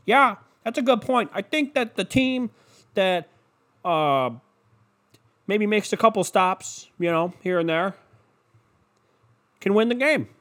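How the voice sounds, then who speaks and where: Man mimicking a high-pitched droning TV pundit. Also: expressive, a bit bright, full character voice. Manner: slow, halting, filler-heavy. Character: bland male TV football pundit, rambling clichés.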